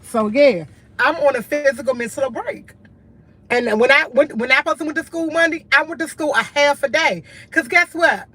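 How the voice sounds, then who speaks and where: A woman's voice: high-pitched, moderate pace, pushed and bright. A woman talks to her livestream viewers. She sounds worn out and earnest, circling back through short, repeated phrases. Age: adult with a school-age son, in college. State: tired. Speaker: livestream host. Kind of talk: candid livestream talk.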